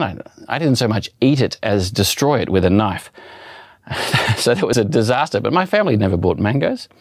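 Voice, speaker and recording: A man's voice: lowish voice, no room sound, clean studio sound. A man giving a sermon as a preacher, telling funny stories about his own family in a conversational, self-deprecating way.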